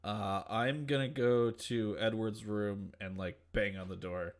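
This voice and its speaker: A man's voice: on the low side, steady tone, measured pace. A man playing in a tabletop game, asking questions casually with lots of fillers. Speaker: player.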